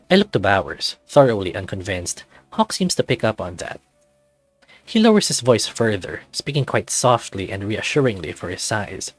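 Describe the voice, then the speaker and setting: A man narrating a story in the first person in a measured, expressive way. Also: lowish voice, slightly rough, no room sound, faint music behind.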